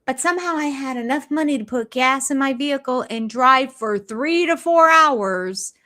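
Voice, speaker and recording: A woman's voice: a little high, pushed and bright. Sarcastic older woman reacting live. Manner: sarcastic, blunt, laughs often. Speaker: reaction vlogger.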